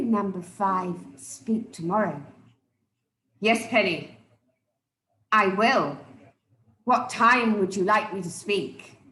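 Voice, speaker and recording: A woman coaching public speakers live, emphatic and deliberate, often repeating key words for stress. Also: mid-range voice, fairly bright tone, roomy sound, slight background noise, poor audio. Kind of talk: live speech evaluation to an audience.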